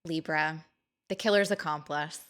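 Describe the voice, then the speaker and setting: A woman's voice: sits low, moderate pace, a bit bright. A woman hosting an astrology video, teasing the signs in a chatty, mock-dramatic monologue. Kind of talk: casual playful monologue to camera.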